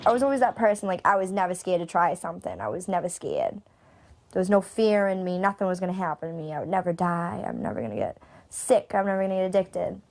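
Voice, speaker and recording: A woman's voice: fairly low pitch, expressive, fast, vocal fry, darkish tone, a little hiss or hum. A woman speaking emphatically and reflectively in a documentary interview.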